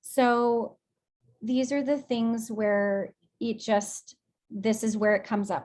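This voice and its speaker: A woman leading a guided emotional release session over a video call, speaking in a gentle, affectionate and encouraging way. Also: a little high, little pitch movement, slow pace, slight background noise. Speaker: group session facilitator.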